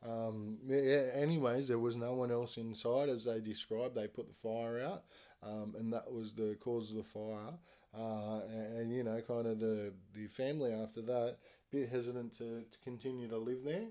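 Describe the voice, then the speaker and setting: A man's voice: medium pitch, little pitch movement, normal speed, warm tone. Rambling man telling a story. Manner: rambling, with many fillers and sound words. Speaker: podcast host. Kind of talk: casual spoken storytelling.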